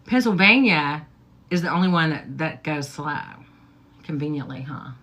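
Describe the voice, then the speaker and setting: A woman's voice: low voice, expressive, moderate pace, fairly bright tone, muffled recording. A middle-aged woman hosting a casual get-ready-with-me livestream, talking in a rambling way with lots of "okay?" and "like". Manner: chatty, rambling, repeats "okay?" and "like". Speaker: livestream host.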